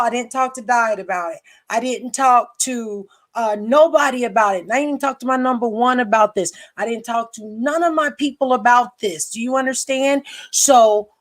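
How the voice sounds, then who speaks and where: A woman's voice: on the high side, a bit bright. A woman hosting a livestream, ranting angrily and bluntly with profanity and repeated lines. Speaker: livestream host. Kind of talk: heated livestream rant.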